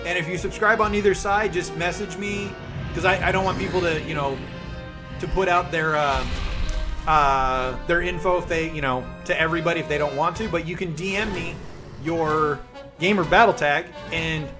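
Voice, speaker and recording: A man streaming live, chatting fast and casually with his viewers and reading their messages aloud. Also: a little high, fairly even intonation. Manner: chatty, fast-talking, reads chat aloud. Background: background music.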